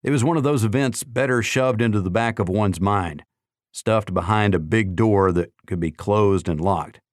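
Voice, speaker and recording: A man narrating a novel in the first person in a measured, even storytelling manner. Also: on the low side, no room sound, clean studio sound. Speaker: audiobook narrator.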